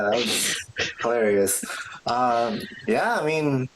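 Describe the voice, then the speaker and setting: A man's voice: medium pitch, a little slow, slight background noise, poor audio. A man co-hosting a podcast, chatting in an easygoing way with hesitant restarts. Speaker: podcast co-host. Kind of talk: casual wrestling discussion.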